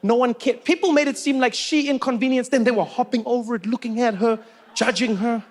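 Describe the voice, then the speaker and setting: A South African man tells comic stories on stage in a high, animated voice. He keeps slipping into playful character voices to act out his scenes. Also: brisk. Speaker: comedian. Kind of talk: stand-up comedy.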